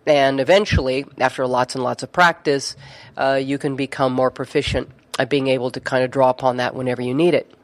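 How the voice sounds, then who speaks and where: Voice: medium pitch, steady tone, fairly quick. A neurofeedback therapist telling a story in conversation, chatty, with frequent fillers and restarts.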